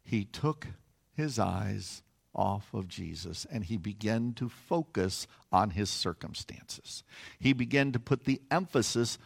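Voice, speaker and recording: Man, pastor, sermon, slow deliberate pace, animated storytelling. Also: lowish voice, creaky, slightly rough. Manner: animated storytelling with playful asides. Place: on a stage platform.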